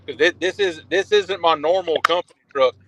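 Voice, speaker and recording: A man's voice: fairly high pitch, fairly quick, pushed and bright, a little hiss or hum, low-quality recording. Easygoing man with a South Louisiana accent. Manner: easygoing, chuckles often, repeats words as he starts. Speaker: fishing livestream guest. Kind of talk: casual chat. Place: loud pickup truck.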